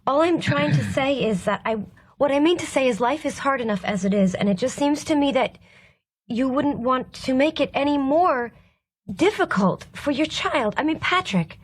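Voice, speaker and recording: A woman's voice: high-pitched, animated, normal speed. An actress playing a nervous, awkward young woman at a family dinner, apologizing in stumbling bursts; a film clip. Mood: flustered.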